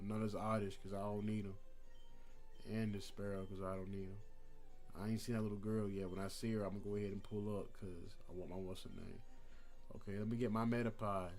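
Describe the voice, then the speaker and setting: A man's voice: on the low side, steady tone, a little fast, a little mellow, faint music behind. A young man streaming a game, chatting casually with slang and jokes. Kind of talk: casual gameplay commentary.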